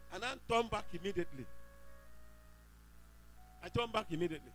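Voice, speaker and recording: A man's voice: sits high, lively intonation, a little fast, pauses often, bright, forceful tone, faint music behind, poor audio. A man with a Nigerian accent gives an emphatic testimony in a church service, telling his story and bursting into praise. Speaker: church member giving testimony.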